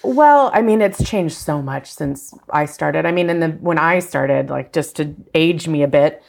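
Midwestern American woman, casting director guest; low voice with fry, easygoing, laughs often. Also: measured pace. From Fargo, USA. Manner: relaxed, self-deprecating, laughs easily. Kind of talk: interview answers.

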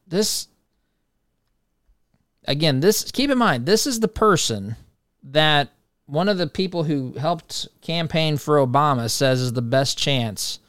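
A man's voice: mid-range voice, expressive, unhurried, fairly bright tone, no echo. Male talk host, opinionated and chatty, dry close sound, mid-range voice. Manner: opinionated, conversational, addresses listeners as friends. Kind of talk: political commentary.

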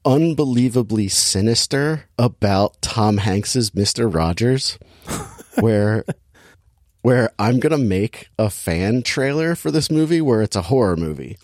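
A man with a lowish voice, chatting casually and wryly on a podcast. He tells stories deadpan and drops into mock-sinister impressions. The sound is dry and close, with no room around it. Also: no room sound. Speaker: podcast co-host reviewing movies. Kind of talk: casual chat.

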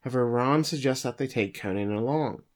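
Male podcast co-host at a middle pitch, recapping episodes in an easygoing summary style. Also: a little fast. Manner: steady plot summary with occasional fillers.

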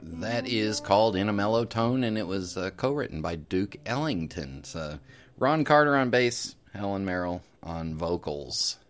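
A man's voice: lowish voice, animated, a little slow, faint music behind. A man hosting a podcast, casually reading listener letters aloud with the odd filler. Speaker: podcast host.

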